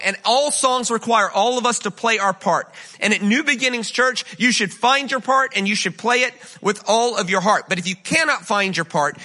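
A man preaching a sermon as a guest speaker in a church, energetic and conversational, with lots of rhetorical questions to the congregation. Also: very high-pitched. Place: church sanctuary.

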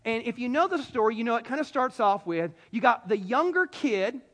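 A man preaching a sermon to a congregation, animated and conversational, with frequent restarts. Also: extremely high pitch, a little fast. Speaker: pastor. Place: church in front of a congregation.

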